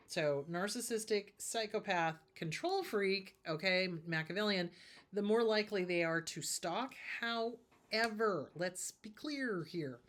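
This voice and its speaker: A woman's voice: mid-range voice, fairly bright tone. A woman therapist talks to her audience in a casual advice style. She repeats her points for emphasis and drives each one home. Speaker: therapist and show host.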